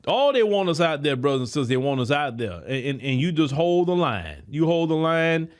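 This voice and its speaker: A male podcast host delivering a commentary monologue in a high, lively voice that swings up and down a lot. He preaches at his listeners in loose, colloquial phrasing and keeps repeating words as he presses his point. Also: a little fast. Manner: preachy, emphatic, addresses listeners directly.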